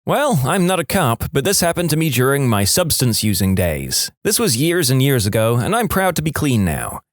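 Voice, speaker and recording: A man's voice: mid-range voice, huge pitch swings, moderate pace, dry recording, clean studio sound. A man with a wry storytelling tone, reading stories from an online forum aloud. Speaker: story narrator.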